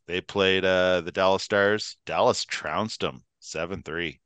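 A man's voice: deep voice, slow, fairly bright tone, clear, resonant tone, no echo. A man co-hosting a college radio hockey show, chatting casually in a laid-back, rambling way with plenty of fillers. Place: radio studio.

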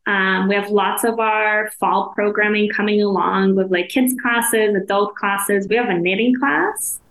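A woman's voice: mid-range voice, steady tone, a little slow, a bit bright, roomy sound, poor audio. A woman from Israel, a guest at an arts council, chatting casually and laughing often in an interview.

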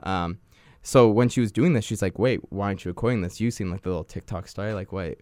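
A man's voice: on the low side, fast, darkish tone, no room sound, studio quality. A young man in his twenties co-hosting a podcast, telling rambling stories in casual chat, full of fillers and restarts. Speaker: podcast co-host.

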